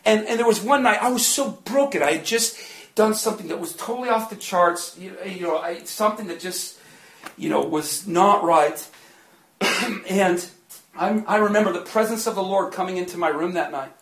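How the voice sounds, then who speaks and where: High-voiced preacher man in an echoey church. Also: normal speed, fairly bright tone. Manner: candid and confessional, building to fervent emphasis. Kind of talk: personal testimony sermon. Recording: echoey room.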